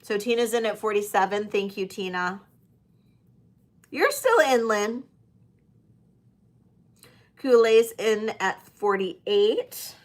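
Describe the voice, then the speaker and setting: A woman running a casual live-stream jewelry auction, talking at a slow, easy pace. She is chatty and hesitant, full of ums and restarts, with a mid-range voice. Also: mid-range voice. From United States. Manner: chatty, hesitant with many fillers.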